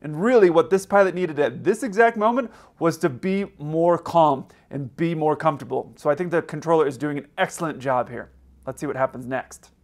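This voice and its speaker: A man's voice: fairly high pitch, fairly quick. A man hosting a video, explaining radio recordings in a chatty, teaching manner. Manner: explanatory, conversational. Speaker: aviation video host.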